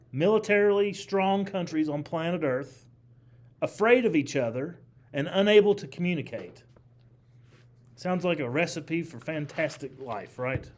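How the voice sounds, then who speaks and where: A man teaching a history class, lecturing animatedly, asking the class questions and repeating key phrases. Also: high-pitched.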